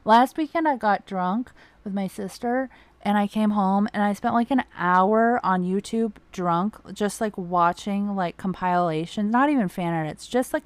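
A young woman chats loosely and gushes like a devoted fan, filling her talk with "like" and casual swearing. Her voice sits at an ordinary middle pitch. The sound is dry and close, with no room around it. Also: no echo. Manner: rambling, lots of "like", swears freely; gushing fan enthusiasm. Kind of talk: casual chat.

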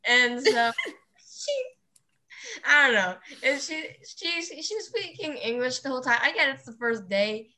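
A teenage girl co-hosting a podcast, telling her story in lively casual chat. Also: high voice, a little slow. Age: teens. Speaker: podcast co-host.

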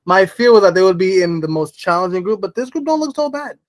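A man hosting a sports podcast in casual chat, brisk and dryly teasing as he runs through lists. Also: high voice, lively intonation. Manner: brisk, lists teams rapidly with dry teasing. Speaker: podcast host.

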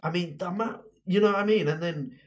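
A man's voice: high voice, fast talker, muffled recording. A young man co-hosting a casual football podcast, talking passionately and admitting he rants. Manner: passionate, ranting. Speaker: podcast co-host.

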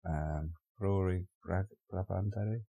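A very deep-voiced man talks in a loose, easygoing way on a podcast, trailing off and restarting often. His speech is unhurried and conversational. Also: vocal fry, slightly rough, dull audio. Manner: relaxed, rambling, many fillers and restarts. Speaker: guest, beer delivery business owner. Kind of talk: casual podcast chat.

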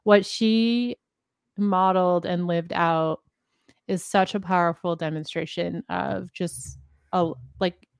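Reflective woman host, low voice, dry. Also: steady tone, slow, creaky, clear, resonant tone, no room sound. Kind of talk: casual chat.

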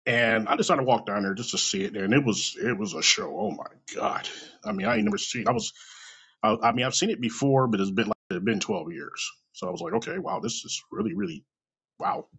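Gravelly animated man telling a story. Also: medium pitch, fairly quick. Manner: animated, swears freely, laughs often. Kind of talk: casual personal anecdote. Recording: dull lo-fi sound.

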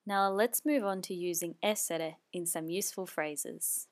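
Woman, language teacher, slow, patient, slightly low voice, repeats phrases. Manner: patient, explains clearly, repeats each phrase twice. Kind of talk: slow spoken language lesson.

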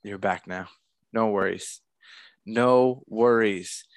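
A man's voice: lowish voice, takes it slowly, dry recording. A man co-hosting a podcast in casual, chatty conversation. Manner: animated, chatty. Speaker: podcast co-host. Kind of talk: casual chat.

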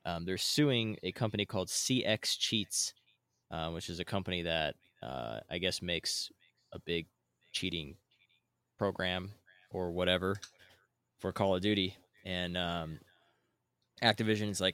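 A man's voice: deep voice, steady tone, moderate pace, a bit bright, smooth, no echo. A man on a casual gaming podcast, ranting and swearing constantly.

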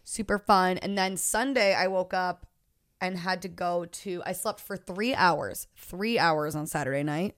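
A woman's voice: fairly low pitch, measured pace. A young woman co-hosting a podcast, telling stories in casual chat with lots of "like". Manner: chatty, animated storytelling with frequent "like". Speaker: podcast co-host.

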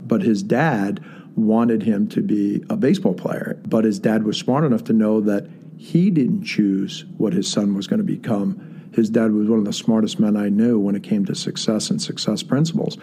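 A man's voice: fairly low pitch, steady tone, moderate pace, mellow, a little hiss or hum. A man telling a personal story in a casual, earnest way with many fillers. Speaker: guest storyteller.

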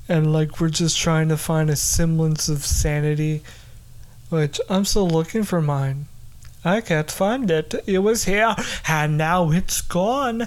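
A man's voice: a little high, darkish tone. A man hosting a solo podcast, rambling casually and slipping into silly voices and jokes, laughing at his own bits. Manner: goofy, slips into silly put-on voices and bits. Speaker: podcast host.

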